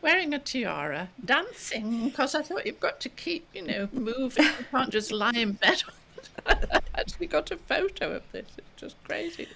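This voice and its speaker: Older woman guest, gravelly, giggly storyteller, faint hiss behind. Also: sits high, sing-song, moderate pace, pushed and bright. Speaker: guest author. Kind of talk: casual interview chat.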